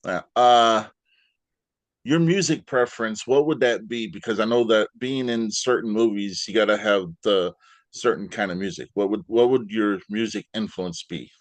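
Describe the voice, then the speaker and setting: A woman with an extremely low voice hosts a casual interview, opening her questions with hesitant fillers and laughing along with her guest. The sound is dry and close, with little sense of the room around her. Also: moderate pace, no room sound. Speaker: interview host.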